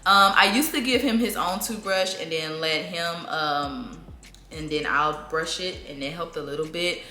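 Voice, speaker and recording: A young woman chats through a casual parenting Q&A, laughing easily and jumping into playful high voices when she shows how she talks to her toddler. Her tone is bright and a little low-pitched, and the sound carries the echo of a bare room at home with a faint hum behind her. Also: unhurried. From southern United States. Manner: chatty, laughs often, lively acted-out baby-talk bursts. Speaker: mom vlogger answering viewer questions. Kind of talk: casual sit-down Q&A. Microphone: camera mic. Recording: echoey room, faint room noise.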